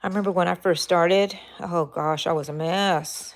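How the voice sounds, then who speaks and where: A woman's voice: on the low side, fairly even intonation, normal speed. A woman hosting a live crochet stream, chatting casually and answering viewers' comments in rambling, self-interrupting asides. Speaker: crochet channel host.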